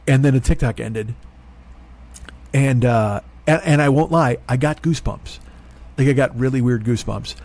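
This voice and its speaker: A man's voice: medium pitch, moderate pace, a little mellow. A man in his forties hosting a solo comedy monologue, ranting in a profane, rambling, exasperated way. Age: 40s. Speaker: comedian host.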